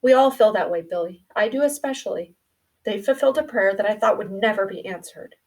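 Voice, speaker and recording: A woman doing a gentle comforting mother. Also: mid-range voice, brisk, far from the mic, natural voice, rough recording. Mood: consoling. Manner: soft and soothing.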